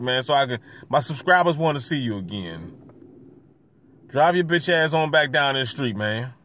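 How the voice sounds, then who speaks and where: A man's voice: mid-range voice, animated, moderate pace. Taunting man filming on the street. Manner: taunting, slangy, swings from mutters to loud jeers. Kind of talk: casual running commentary to camera. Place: outdoors by a street. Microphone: handheld camera.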